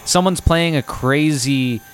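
A man's voice: on the high side, takes it slowly. A man co-hosting a casual music chat, laid-back and hesitant as he searches for words. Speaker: podcast co-host.

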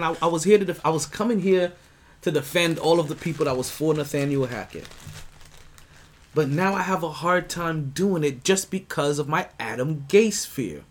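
A man hosting a sports podcast, talking in a loose, rambling way. His voice sits a bit high for a man. He trips over his own words, restarts often and breaks into laughs. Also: normal speed. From United States. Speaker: podcast host. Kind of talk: casual sports talk.

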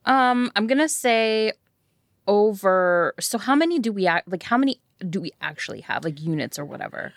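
A woman player speaking in character in a tabletop game, pitching a deal in a halting, rambling way full of fillers. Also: lively intonation, no room sound, clean studio sound. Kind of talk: in-character tabletop role-play.

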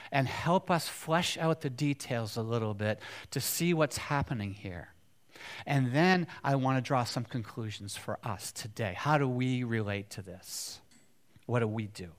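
A male preacher giving a conversational sermon, often asking the congregation questions and dropping from loud passages to hushed ones. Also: mid-range voice, measured pace.

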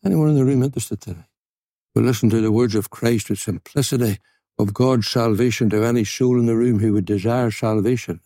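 A man with a Northern Irish accent preaching an evangelistic gospel sermon, earnest, repeating words and slowing on key phrases for emphasis. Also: mid-range voice, mellow, no echo, studio quality. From Northern Ireland. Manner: slows down and stresses key phrases.

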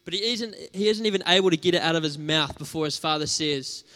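A man's voice: fairly high pitch, quick pace, few pauses, sharp tone. A man preaching a sermon in a conversational, storytelling way, with casual fillers.

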